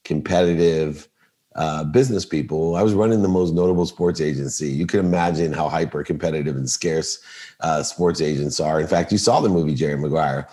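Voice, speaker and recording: Deep-voiced man telling a story. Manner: animated storyteller, acts out quoted dialogue. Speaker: podcast guest. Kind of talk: storytelling in a casual interview.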